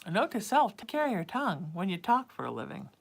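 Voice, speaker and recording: A woman's voice: medium pitch, very animated, quick pace, gravelly, husky. A woman hosting a live psychic reading show, chatting affectionately with viewers and calling them sweetie and baby. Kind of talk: casual live-stream chat.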